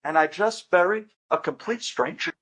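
A man's voice: high voice, moderate pace, a bit bright. A man voicing a frantic middle-aged son who fires off incredulous questions.

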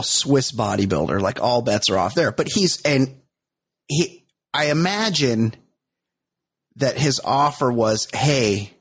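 A man with a husky, slightly breathy voice hosting a comedy podcast. He riffs crudely and jokes freely in loose, casual chat, at a mid pitch. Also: dry recording. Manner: crude, riffing, joking.

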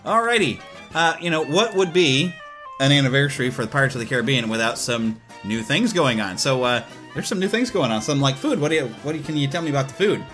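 A man co-hosting a podcast, joking and animated in casual chat. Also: medium pitch, fast, soft background music. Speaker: podcast co-host.

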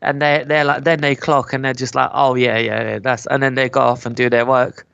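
A man's voice: mid-range voice, little pitch movement, a little fast, gravelly, dull audio, background noise. A Scottish man as a podcast guest, chatting casually with easy laughter and short agreeing replies. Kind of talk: casual chat.

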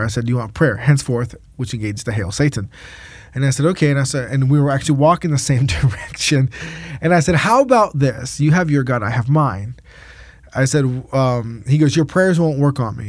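A man, a pastor, telling a faith story in casual podcast talk, acting out the quotes with lively energy. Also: medium pitch, dry recording. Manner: animated preaching storyteller, acts out quotes.

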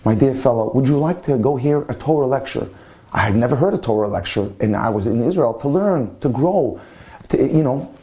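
Mellow-voiced male storyteller. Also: mid-range voice. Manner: animated storyteller acting out dialogue.

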